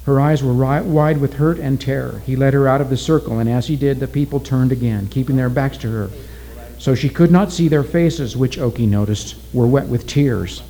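A man narrating a story aloud in a steady, deliberate reading style. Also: mid-range voice, low-quality recording.

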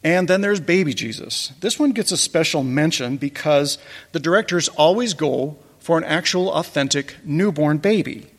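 Gravelly man telling wry stories. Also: a little high, expressive, moderate pace, in a large hall. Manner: wry, chuckling asides. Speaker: presenter recounting a church pageant. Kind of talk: casual talk over slides.

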